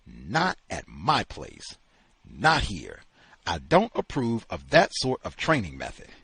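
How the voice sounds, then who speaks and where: A man reads out an enraged male kennel keeper in a dry, close sound, husky and hoarse-edged. His pitch swoops wildly between high shouts and low growls. He rants slowly and heavily. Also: huge pitch swings, no room sound, full character voice. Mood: indignant. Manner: shouting, ranting. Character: furious gruff male kennel owner, misanthropic.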